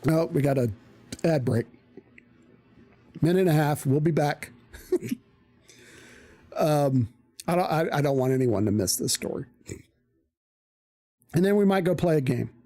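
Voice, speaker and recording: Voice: mid-range voice, animated, measured pace, long pauses, dark tone, no room sound. An adult parent streaming live, telling a story bluntly with plenty of swearing. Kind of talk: casual storytelling to a live chat.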